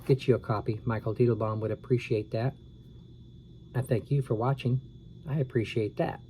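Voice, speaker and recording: A man reading a scary children's storybook aloud at a steady, unhurried pace. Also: mid-range voice, slight background noise, low-quality recording.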